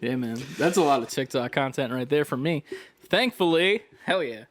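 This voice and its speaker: A man's voice: medium pitch, expressive, moderate pace, no echo. A man co-hosting a gaming podcast in casual chat, full of crude jokes and banter. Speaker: podcast co-host.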